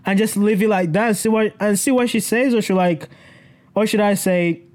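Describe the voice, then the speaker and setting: A man's voice: high voice, animated, a little fast, darkish tone. A young man vlogging casually to his camera, telling a story in a rambling, self-correcting way, swearing freely and laughing often.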